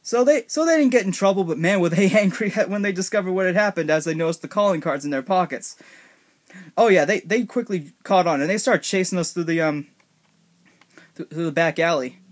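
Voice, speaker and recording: A man's voice: high-pitched, fairly quick. A young man casually narrating a made-up story, rambling with many fillers and restarts.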